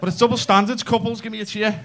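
A man's voice: high voice, little pitch movement, fast, vocal fry, noisy background. A man doing a brash, sweary stand-up comedy set and addressing the crowd in a club. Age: 30s. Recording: live club audience laughter. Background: audience laughing and cheering.

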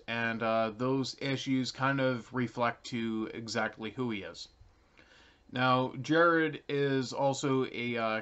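A man's voice: mid-range voice, a bit bright, smooth. A young Canadian man casually explaining something to his viewers, rambling with lots of ums and uhs. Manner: rambling, many ums and uhs, light chuckles. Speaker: channel creator. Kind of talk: casual talking-to-camera explanation. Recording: slightly dull lo-fi recording.

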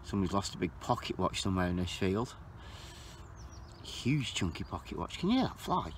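A man talking casually to camera while metal detecting outdoors in a field, excitable and chatty. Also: a little fast, slight background noise. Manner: chatty, excitable, pitch jumps when surprised. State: out of breath.

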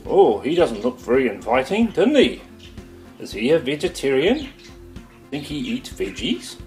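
A man's voice: mid-range voice, huge pitch swings, a little slow, a little mellow, reverberant, faint music behind. A man with a New Zealand accent hosting a goofy comedic cooking show from his home kitchen, full of playful sing-song exclamations.

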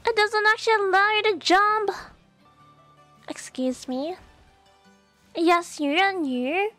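A young woman streaming a video game live, chatting to viewers with excitable gasps and squeals. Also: very high-pitched, slow pace, soft background music. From Australia. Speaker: VTuber streamer. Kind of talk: gameplay live stream chat.

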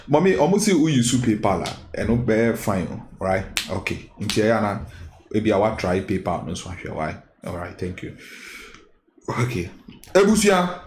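A man's voice: lowish voice, big pitch swings, measured pace, echoey room, slight background noise. A man with a Ghanaian accent giving chatty, exclamatory entertainment gossip commentary, mixing the local language with pidgin.

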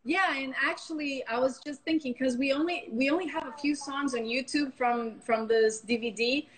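A woman's voice: sits high, moderate pace, low-quality recording. A Brazilian woman, a singer whose first language is Portuguese, talking frankly and casually as a guest on a phone video call and filling her talk with "like" and "you know". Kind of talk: casual chat on an Instagram live video call. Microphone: phone on a live video call.

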